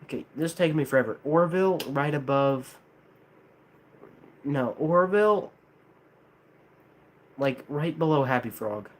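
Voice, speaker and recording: A man's voice: on the high side, lively intonation, measured pace, long pauses, slight background noise. A young American man rambling casually to a live chat, hesitant, with many restarts. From United States. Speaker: streamer.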